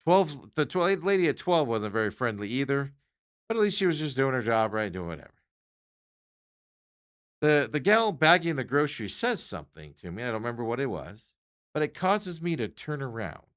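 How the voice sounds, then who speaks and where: A man with a medium-pitched voice speaks at a moderate pace as he hosts a podcast. He retells an everyday run-in in a casual, animated, exasperated way, acting out the other people's lines in quotes.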